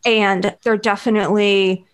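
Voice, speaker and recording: A woman's voice: mid-range voice, flat delivery, measured pace, clean tone. A woman co-hosting a casual movie review chat, sarcastic and mock-indignant. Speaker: podcast co-host.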